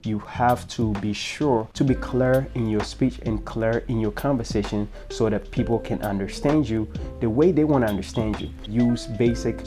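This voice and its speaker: A man hosting his own channel, giving a motivational talk in an earnest, instructive way that speaks straight to the listener. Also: fairly low pitch. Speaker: host of a self-improvement channel.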